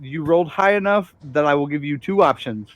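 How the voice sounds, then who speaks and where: A man narrating a tabletop role-playing game as game master, relaxed, with frequent fillers. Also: a little high, fairly quick, dry recording, highs cut off.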